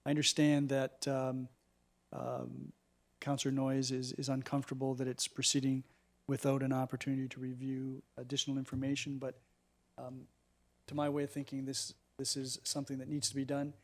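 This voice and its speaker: Flat-voiced man councillor, measured. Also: medium pitch. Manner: measured, hesitant, many fillers. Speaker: town councillor. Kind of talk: council meeting debate.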